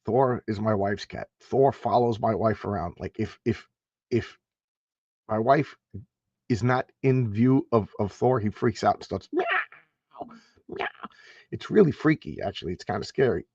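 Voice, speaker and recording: A man's voice: on the low side, normal speed, darkish tone, husky, no echo, lo-fi sound. A man hosting a casual live stream, rambling and stammering as he repeats words. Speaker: host.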